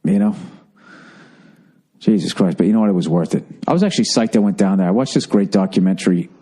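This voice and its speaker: A man's voice: fairly low pitch, quick pace, warm tone. A middle-aged man hosting a solo podcast, rambling in a profane, exasperated comic rant, overfull and thirsty. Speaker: podcast host.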